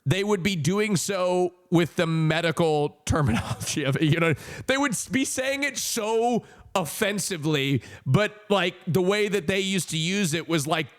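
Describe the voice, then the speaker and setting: A young man streaming, telling a rambling casual story with sudden high joking outbursts. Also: lively intonation, moderate pace, hardly any pauses.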